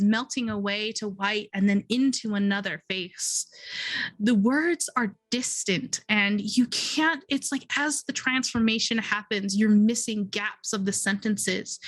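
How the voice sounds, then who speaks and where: Slow, deliberate woman game master. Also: medium pitch, low-quality recording. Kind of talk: narrating a dream sequence in a tabletop game.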